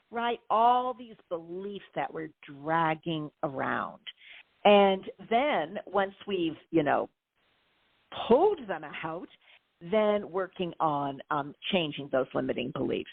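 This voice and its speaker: A middle-aged woman, a life coach, explaining her methods in a lively way with playful examples during an interview. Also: deep voice, slow, vocal fry, husky, no echo. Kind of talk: interview conversation. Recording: tinny phone-like line, dry.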